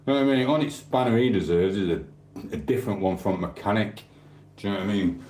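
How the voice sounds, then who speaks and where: A man's voice: fairly low pitch, fast, a little mellow, roomy sound. A man hosting a stream, rambling in casual chat with swearing and asides to viewers. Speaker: livestream host.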